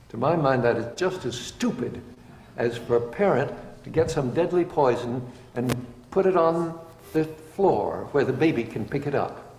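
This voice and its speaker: A man's voice: medium pitch, lively intonation, normal speed, a little mellow. A man speaking in a blunt, impassioned, plainspoken way in a recorded talk. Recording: echoey hall with faint noise.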